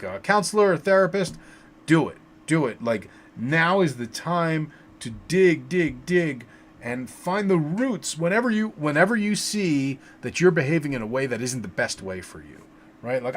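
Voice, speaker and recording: Reading names from the chat, a man gives laid-back advice during his casual tarot livestream, his speech full of fillers and repeated words. His pitch is fairly high.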